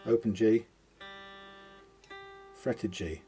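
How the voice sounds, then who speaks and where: Low-voiced man in a guitar workshop. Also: drawn-out words, dark tone. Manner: rambling, self-interrupting, mutters to himself. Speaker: guitar technician. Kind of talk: casual workshop talk-through. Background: guitar being plucked.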